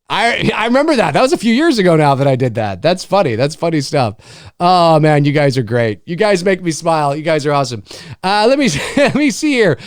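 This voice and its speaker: Male live streamer, casual chat, very animated pitch, dry close sound, profane, rambling. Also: moderate pace, clear, resonant tone, no echo. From Canada. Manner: rambling, profane, laughs often, acts out scenes with shouted voices.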